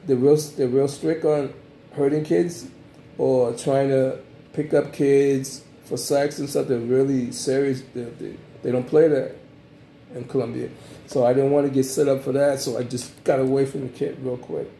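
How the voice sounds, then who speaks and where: A man from the United States casually recapping his trip in a vlog, rambling and animated, with many fillers. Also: medium pitch, moderate pace, creaky, echoey room, a little hiss or hum. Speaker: travel vlogger.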